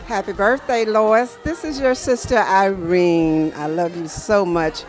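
A woman in her sixties giving a slow, affectionate birthday message to her sister. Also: mid-range voice, soft background music, a faint crowd.

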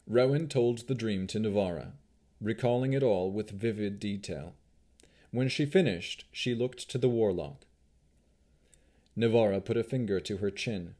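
A man narrating an audiobook in a steady, measured storytelling manner. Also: fairly low pitch.

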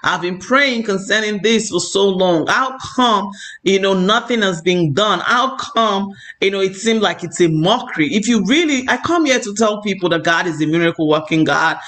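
High-pitched male online preacher; earnest, rambling personal testimony. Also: normal speed, bright, forceful tone. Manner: earnest, repetitive, many "you know"s.

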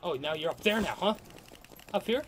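A gamer commentating their own playthrough, excitable and talking back to enemies with frequent outbursts. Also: mid-range voice, moderate pace, slight background noise. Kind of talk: let's play commentary.

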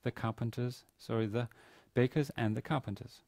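A man giving a university grammar lecture, pausing often with fillers and restarting his sentences. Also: medium pitch, steady tone, a little mellow, no room sound. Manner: hesitant, many fillers and restarts. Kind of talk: classroom lecture. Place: university classroom.

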